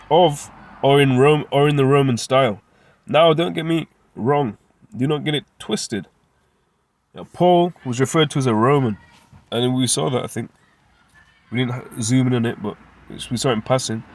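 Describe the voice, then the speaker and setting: A man leads a casual scripture lesson, constantly asking his listeners rhetorical questions. His talk is loose and streetwise, full of slang, and his voice sits at an ordinary middle pitch. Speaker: Bible teacher. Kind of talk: informal scripture teaching.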